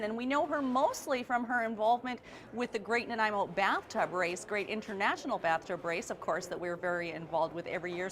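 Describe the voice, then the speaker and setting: A woman hosting a local lifestyle TV show on location, upbeat and chatty. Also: a little high. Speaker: TV host.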